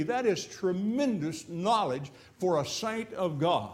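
An older man preaching a sermon, fervent and repetitive, swinging between emphatic peaks and quiet storytelling. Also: high-pitched, lively intonation, slow pace, few pauses.

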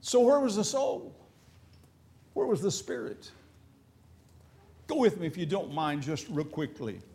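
A middle-aged pastor preaching in a high voice. He talks in a folksy way, repeating his words and stretching key lines slowly. He reads scripture in old-fashioned English. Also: big pitch swings, mellow. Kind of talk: sermon.

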